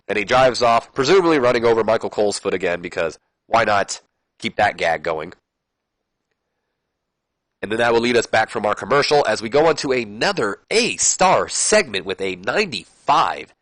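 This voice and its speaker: A man's voice: medium pitch, expressive, normal speed, fairly bright tone, no room sound. A man hosting a gameplay channel, casually narrating a wrestling simulation with rambling, jokey asides. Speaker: game channel host. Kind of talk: let's play commentary of a wrestling sim.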